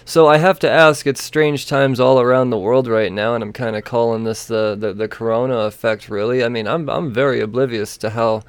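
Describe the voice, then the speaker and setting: A man hosting a casual podcast from a small studio room, chatty and quick to laugh, with lots of fillers. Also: medium pitch, steady tone, clean tone, no room sound. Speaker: podcast host.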